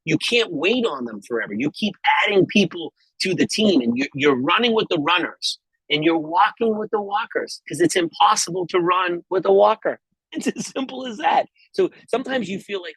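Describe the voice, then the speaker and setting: A middle-aged man with a husky, slightly breathy voice delivers a preachy motivational talk to a group call. He is emphatic and repetitive, and he keeps pausing to ask "okay?" The sound is dry and close, with no room around it. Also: high voice, lively intonation, fairly bright tone, no room sound, low-quality recording. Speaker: network marketing leader speaking on a group call.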